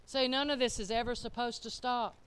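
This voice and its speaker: In a smooth, slightly high voice that's a bit bright, a woman delivers a relaxed sermon fairly quickly and in a steady tone. She's a church speaker with a homey manner who speaks right to the people and quizzes them.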